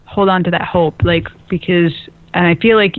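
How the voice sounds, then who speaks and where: A woman's voice: lowish voice, steady tone, moderate pace, no room sound, phone-quality sound. A woman hosting a radio call-in show and giving psychic readings, speaking hesitantly with many fillers. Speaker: radio host and psychic reader.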